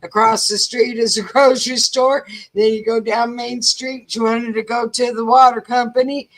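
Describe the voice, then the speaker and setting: Sick woman co-host, croaky and folksy, rambles through a chatty story. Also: a little high, little pitch movement, normal speed. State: sick, under the weather. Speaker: co-host of a live chat show. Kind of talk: casual chat.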